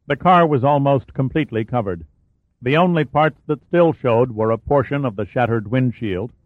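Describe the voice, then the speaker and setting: A man narrating a thriller audiobook in a steady, dramatic storytelling voice. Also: mid-range voice, no echo. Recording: dry, tinny phone-like sound.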